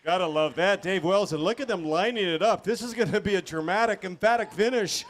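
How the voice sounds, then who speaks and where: A man's voice: sits high, fairly quick. A man co-calling a street bike race outdoors, with flowery, dramatic wording. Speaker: race announcer. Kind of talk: live race commentary.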